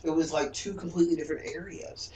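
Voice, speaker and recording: A man's voice: on the high side, fairly even intonation, fast, a little mellow, slight background noise. A man with a Southern US accent, chatting casually and lecturing with jokes as a game streamer. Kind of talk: casual chat. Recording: roomy echo from a distance.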